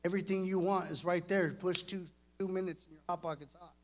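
A middle-aged man preaching an earnest, animated sermon to young people as a youth preacher. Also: high voice, fairly quick. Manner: earnest and animated, speaking directly to the kids.

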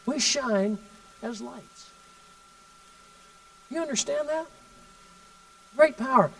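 A man preaching a sermon and telling a story, emphatic, swinging from loud bursts to hushed asides. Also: extremely high pitch, animated, takes it slowly, gravelly, recorded from a distance, rough recording.

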